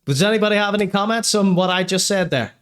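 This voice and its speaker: Ranting man, slightly high voice. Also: fast talker, a bit bright, faint music behind. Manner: crude mock-serious ranting with exaggerated apologies. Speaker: podcast host. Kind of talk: live-streamed comedy rant and chat reading.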